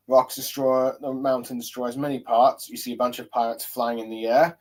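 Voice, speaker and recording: Male manga reviewer, mid-pitched, halting and casual, lots of "um"s. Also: fairly even intonation. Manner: hesitant, many fillers and restarts while reading along. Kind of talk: casual solo chapter review.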